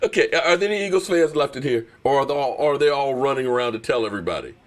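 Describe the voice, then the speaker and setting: A man with a straining voice hosts a live sports stream, loud and fired up, teasing rival fans. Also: medium pitch, animated, racing.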